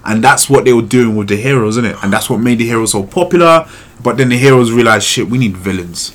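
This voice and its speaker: A man's voice: medium pitch, fast talker. Slangy man, casual podcast talk. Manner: animated, slangy, swears freely. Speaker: podcast co-host. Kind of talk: casual chat.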